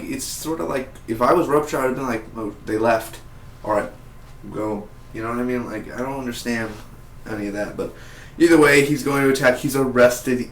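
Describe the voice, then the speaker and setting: A man casually reviewing a TV episode, rambling with lots of fillers and acting out scenes in quick impressions. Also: mid-range voice, a bit bright, a little hiss or hum. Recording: roomy, distant-sounding home recording with faint background ambience.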